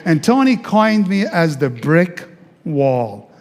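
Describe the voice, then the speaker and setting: Male pastor, sermon testimony, lively storyteller, somewhat high voice, long reverb of a church hall. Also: takes it slowly. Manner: animated storyteller, acts out quoted voices. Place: church sanctuary.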